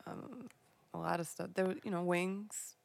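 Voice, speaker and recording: A woman's voice: on the low side, moderate pace, creaky, dry recording. A woman in her thirties chatting on a podcast, laid-back and a bit hungover, laughing and swearing casually. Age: 30s. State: a little hungover. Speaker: podcast guest.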